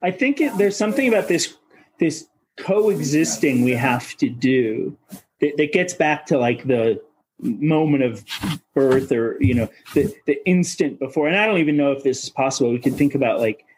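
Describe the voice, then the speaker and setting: A man's voice: on the high side, lively intonation, moderate pace, darkish tone, slightly rough, rough recording. A man from Minnesota, a coach of coaches, talking as a podcast guest in a searching, philosophical way and swearing casually. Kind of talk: reflective podcast conversation.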